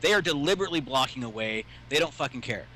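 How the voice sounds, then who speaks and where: Bright, quick, emphatic man. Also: medium pitch, animated, slight background noise, low-quality recording. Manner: emphatic, swears, repeats words. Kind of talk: casual chat.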